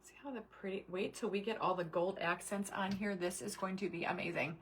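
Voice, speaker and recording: A woman's voice: mid-range voice, fairly even intonation, a little fast, slight background noise. A middle-aged woman hosting a craft livestream, chatting with viewers by name while she works and muttering to herself as she concentrates. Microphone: camera mic at desk.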